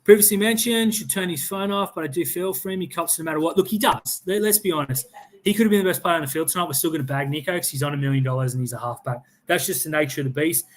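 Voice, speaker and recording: This Australian host of a fan sports podcast talks fast in a fairly high voice during a casual live stream. He's blunt, opinionated and sweary, frequently restarting his sentences and stammering over repeated words.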